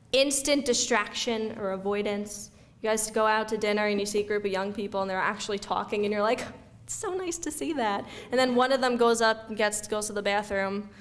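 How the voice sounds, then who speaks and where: A woman giving an energetic, conversational talk to an audience, acting out everyday reactions as she goes. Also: medium pitch. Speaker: speaker giving a talk on youth mental health. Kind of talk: lively lecture to an audience. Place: event room before an audience.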